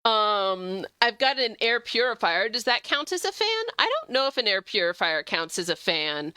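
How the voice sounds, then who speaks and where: A young woman streaming a game, chatting with viewers in a bubbly, gushing way, jumping high when excited. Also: moderate pace, clear, resonant tone, no echo. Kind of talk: casual gameplay stream chat.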